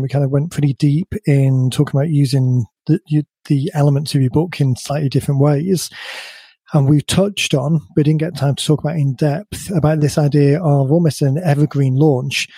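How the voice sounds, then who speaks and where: A man hosting a podcast with a slightly croaky voice, explaining ideas in a relaxed way with many restarts. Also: on the high side, normal speed, no room sound. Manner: thinks aloud with many restarts.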